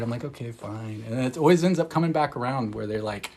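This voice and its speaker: A man, an energy healer, talking in a casual, rambling livestream chat, candid and excitable, swearing freely and laughing often. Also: medium pitch, fast. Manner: loose rambling talk full of "like". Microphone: phone livestream.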